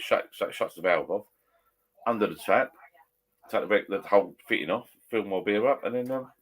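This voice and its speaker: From the bar in his garden shed, a man chats casually with live viewers in a pub-style ramble, correcting himself as he goes. His voice is low, a little bright, and slightly rough.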